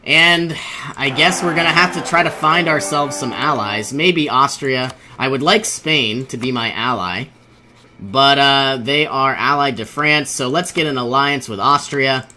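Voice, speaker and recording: A young man hosting a let's play gives casual commentary over his own strategy game, thinking aloud and often laughing or sounding exasperated. His voice is mid-range and sharp in tone, and he speaks a little slowly.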